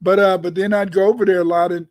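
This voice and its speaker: A man's voice: sits high, flat delivery, fast talker, dry recording. A man on a video call, chatting casually and telling stories, often repeating his words as he rambles. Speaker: guest commentator. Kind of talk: casual conversation.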